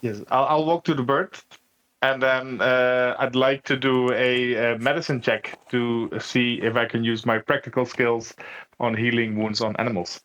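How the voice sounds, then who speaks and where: A man takes part in a casual tabletop game, speaking at an ordinary pitch. He is polite and stammers, restarting his sentences as he decides what to do. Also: flat delivery, normal speed, a bit bright, muffled recording. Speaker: player.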